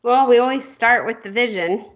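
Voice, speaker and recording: A woman's voice: fairly high pitch, moderate pace. A woman talking as a podcast guest and business coach, explaining with frequent laughs. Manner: warm-hearted, laughs often, thoughtful explaining. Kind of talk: casual podcast chat. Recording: slightly dull lo-fi audio.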